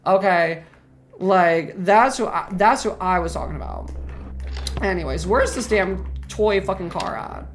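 A woman's voice: fairly low pitch, unhurried, a little hiss or hum. A woman streamer commenting on gameplay live, reacting to chat with slang and swearing.

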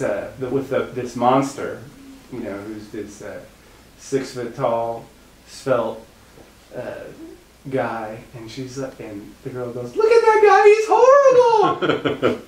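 A man guest in an interview, telling a long anecdote in a casual, animated way, laughing at his own story. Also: mid-range voice. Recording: echoey room, far from mic, faint noise.

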